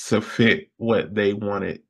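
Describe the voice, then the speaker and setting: A young man from Alabama, a podcast guest telling his story casually and acting out his younger self with lively exclamations. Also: slow pace, creaky, slightly rough. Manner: animated, acts out his past self with high exclamations and laughs.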